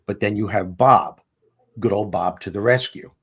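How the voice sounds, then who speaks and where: Low raspy guy chatting about his book, telling it like a story. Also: normal speed. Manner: animated storyteller, casual. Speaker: author guest. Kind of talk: interview conversation.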